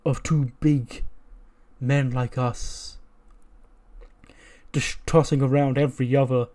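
A man playing a hulking wrestler who thinks himself the brains of the team. He talks slowly and pompously, dragging out grand words. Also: mid-range voice, flat delivery, mellow, lightly acted. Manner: slow, pompous, wordy. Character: big pompous male wrestler, self-styled brains.

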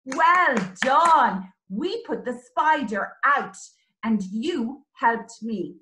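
A woman teaching young children, animated and sing-song, with exclamations and little songs. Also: high voice, extremely slow, a little hiss or hum. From Ireland. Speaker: early years teacher. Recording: roomy echo.

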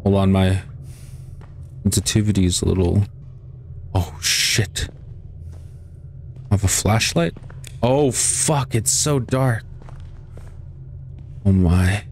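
A man's voice: sits low, slow pace, long pauses, darkish tone, slight background noise. A man commentating a horror game as he plays, swearing often and shrieking when he gets startled. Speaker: let's play gamer.

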